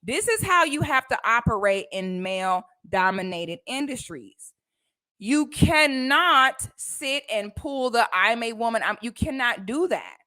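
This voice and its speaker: A woman telling a personal story on a livestream in a casual, animated, slangy way. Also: a little high, slow.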